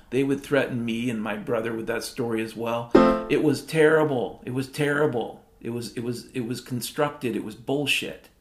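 A man's voice: medium pitch, moderate pace. A middle-aged man from Washington state delivering a profane, sardonic, rambling comedic monologue. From Washington state, USA. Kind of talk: comedic spoken-word monologue. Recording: roomy echo with music underneath.

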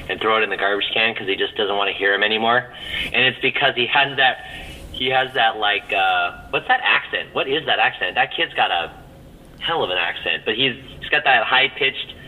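A man's voice: medium pitch, rough recording. A man in casual conversation, joking and retelling scenes with animation. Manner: jokey, laughs often, animated retelling. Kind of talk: casual chat.

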